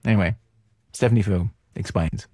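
A man's voice: lowish voice, normal speed, warm tone, husky, no room sound, clean studio sound. A man hosting a public radio show, introducing the program with wry, self-questioning asides.

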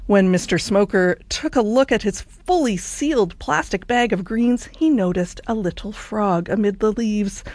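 A woman's voice: mid-range voice, normal speed, few pauses, a little mellow, no echo. A woman hosting a radio news show, telling a quirky story with a playful, wry manner and comic asides. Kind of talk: scripted radio narration.

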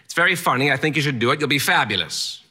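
A blunt, theatrical old Latin teacher with a haughty, exclaiming drawl, as a man puts him on. The voice sits well above the storyteller's own and comes out bright and forceful. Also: fairly high pitch, lively intonation, racing, breathy edge, pitched above the performer's own voice, full character voice. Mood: encouraging.

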